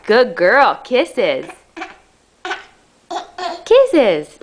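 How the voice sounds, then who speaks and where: A mother talking to her toddler in sing-song baby talk, coaxing and gentle, filmed at home on a handheld camcorder. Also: high-pitched, very animated, a little slow, noisy background. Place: at home indoors.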